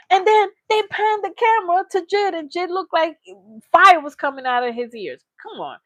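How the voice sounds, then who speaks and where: A woman hosting a reaction channel, giving blunt, animated commentary and reading her live chat, laughing often. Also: very high-pitched, brisk, dry recording. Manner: animated, blunt, laughs often, lots of "you know what I'm saying".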